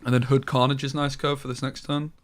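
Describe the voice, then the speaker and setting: A man giving casual gameplay commentary on a stream, swearing freely and quick to get frustrated. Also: medium pitch, level tone, soft background music.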